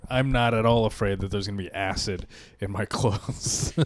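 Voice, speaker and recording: A man's voice: lowish voice, steady tone, dry recording. Podcast host man, dry close sound. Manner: quick reactions, teasing, laughs easily. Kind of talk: casual podcast banter.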